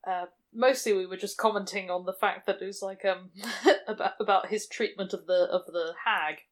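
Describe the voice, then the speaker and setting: Woman co-host, agreeable, chuckling, mid pitch. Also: fairly even intonation, moderate pace. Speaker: podcast co-host. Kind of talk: casual chat.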